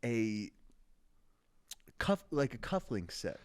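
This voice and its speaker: A man co-hosting a casual podcast, joking and offhand, pausing on fillers. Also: mid-range voice, very animated, clean tone. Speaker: podcast co-host.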